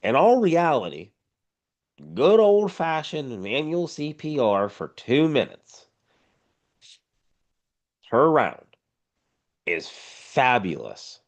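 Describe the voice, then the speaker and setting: A man's voice: mid-range voice, sing-song, slow pace, pauses often, muffled recording. A man teaching an online EMS class in a blunt, informal and emphatic way, heard over a video call. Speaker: EMS instructor. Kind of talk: casual online class lecture.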